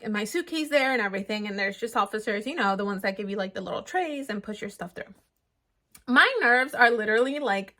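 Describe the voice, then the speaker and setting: A young woman who grew up in the United States tells a personal story in a vlog, acting out what she thought at each moment. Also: fairly high pitch. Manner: animated retelling, acting out her own thoughts. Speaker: vlogger.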